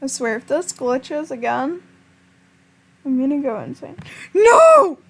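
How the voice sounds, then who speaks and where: A woman's voice: sits high, measured pace, gravelly, a little mellow. A woman giving frantic gameplay commentary, pleading and talking to her viewers. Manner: panicky, pleading, talks to viewers. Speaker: gamer.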